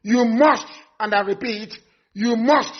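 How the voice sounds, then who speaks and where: A man's voice: extremely high pitch, slow pace. A man, a movement leader, giving a live broadcast address in an emphatic, threatening way, repeating his warnings over and over. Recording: dull lo-fi broadcast audio.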